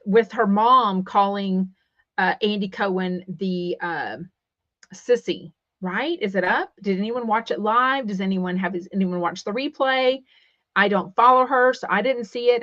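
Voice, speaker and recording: A woman's voice: medium pitch, fairly bright tone, dry recording, muffled recording. Chatty Texan woman gossip host. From Texas. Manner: chatty and opinionated, many fillers and quoted asides. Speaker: podcast host. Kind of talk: casual celebrity gossip chat, reading live comments.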